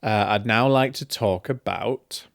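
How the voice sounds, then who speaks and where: A man's voice: fairly low pitch, unhurried, vocal fry, no echo, studio quality. A man hosting a casual film review show, talking in a chatty, opinionated way with plenty of fillers and restarts.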